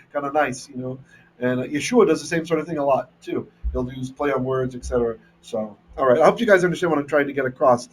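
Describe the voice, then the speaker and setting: A man's voice: a little high, a little hiss or hum. A man, a rabbi, teaching a Bible lesson and explaining the Hebrew text with enthusiasm. He checks in with his listeners, asking "right?" again and again.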